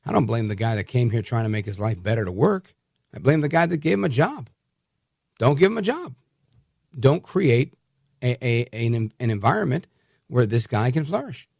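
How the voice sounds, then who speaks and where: A man hosting a talk radio show, giving animated, combative opinion commentary with frequent restarts. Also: mid-range voice, moderate pace, gravelly, no room sound, studio quality.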